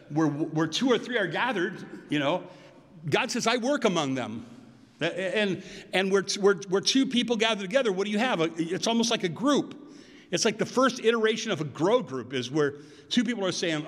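Folksy high-voiced pastor in a reverberant church. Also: male voice. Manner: folksy, rambling with self-corrections and acted-out dialogue. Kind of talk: sermon. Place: church sanctuary.

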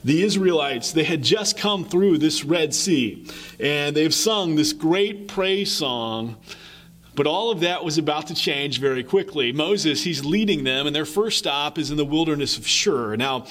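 A male preacher with a fairly high voice, delivering a sermon. He retells the old stories vividly and conversationally, inviting listeners to imagine the scene. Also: expressive, unhurried, a bit bright.

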